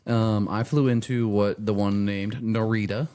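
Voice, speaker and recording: A man's voice: lowish voice, fairly even intonation, unhurried, mellow, clear, resonant tone. A man hosting a casual podcast chat, telling the story of his trip. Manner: chatty, storytelling trip recap. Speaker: podcast host.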